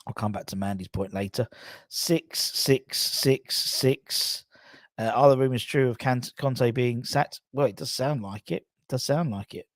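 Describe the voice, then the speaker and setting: A man hosts a casual fan live stream, greeting viewers and reading their comments aloud as he goes. His voice sits in an ordinary middle pitch and he hedges a lot, often restarting his sentences. The recording sounds dry and close, with no room echo. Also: a little fast, few pauses, a little mellow. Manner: rambling, hedges with many "I think"s and restarts. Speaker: football fan channel host.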